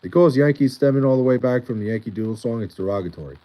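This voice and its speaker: A man's voice: mid-range voice, rapid-fire, mellow, low-quality recording. Long island dude rambling to his stream chat, like like like, super casual. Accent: Long Island New York. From Long Island, New York. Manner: rambling, heavy use of "like" and restarts. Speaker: livestreamer. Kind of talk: casual livestream chat, reading chat aloud.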